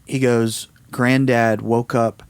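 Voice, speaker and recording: A man in casual conversation, recounting a story with lively acted-out quotes. His voice sits at an ordinary pitch for a man. The recording is close and dry, with no room sound. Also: slow pace, smooth, no echo. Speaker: musician interview guest.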